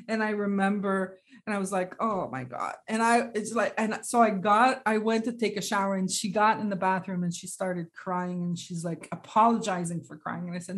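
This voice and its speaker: A woman shares a personal story in a casual conversation, her medium-pitched voice earnest and reflective. She speaks haltingly, pausing and circling back as she gathers her thoughts.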